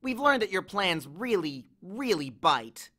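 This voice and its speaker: A man's voice: sits high, very animated, measured pace, bright, forceful tone, voice pushed up, exaggerated voice. A man doing a jittery young satyr. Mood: wry.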